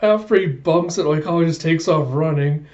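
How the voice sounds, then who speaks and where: A man's voice: on the high side, moderate pace, a little mellow, muffled recording. A young man hosting a podcast, chatting and giggling as he recaps a manga chapter. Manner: chatty, giggly, retells scenes with quoted voices. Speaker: podcast host.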